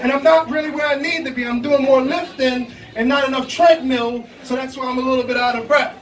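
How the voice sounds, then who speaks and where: A man's voice: very high voice, fairly even intonation, brisk. A young man doing a loose, profane stand-up set, laughing at his own jokes. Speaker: stand-up comedian. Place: comedy club stage. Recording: echoey club room from a distance, audience noise. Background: crowd laughter and reactions.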